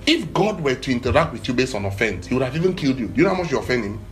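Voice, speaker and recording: Animated, emphatic male preacher. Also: rapid-fire, faint music behind. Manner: animated, emphatic preaching that swells in pitch and volume; repeats short phrases for emphasis. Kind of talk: sermon.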